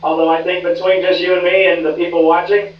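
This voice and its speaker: A man's voice: sits high, level tone, fast talker. A man reporting live for TV news in a breezy, jokey, confiding way. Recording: roomy, dull, distant TV audio with hum.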